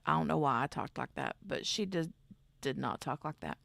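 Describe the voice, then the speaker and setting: A woman hosts a relaxed craft livestream, rambling through her news and answering chat as it comes in. Her voice runs low and unhurried with a gravelly texture. The sound is close and dry, with no room around it. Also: dry recording. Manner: rambling, chatty, reads chat aloud. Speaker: craft channel host.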